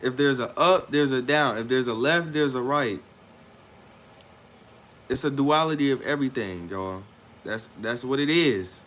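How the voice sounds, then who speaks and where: A man's voice: mid-range voice, measured pace, long pauses, a bit bright, muffled recording, a little hiss or hum. A man hosting a livestream, giving an emphatic motivational talk in a repetitive, preacher-like cadence. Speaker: livestream host.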